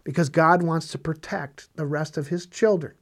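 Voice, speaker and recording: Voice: medium pitch, fairly even intonation, normal speed. Emphatic preacher with rhetorical questions. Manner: emphatic, repeats phrases for stress; rhetorical questions, conversational asides. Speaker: Bible teacher. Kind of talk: preaching on scripture.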